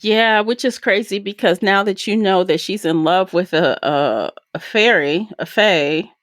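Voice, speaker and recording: A woman's voice: mid-range voice, a little slow, fairly bright tone, no room sound, studio quality. A woman co-hosting a podcast, giving a casual and joking book review. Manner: laid-back, joking, swears casually. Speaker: podcast co-host.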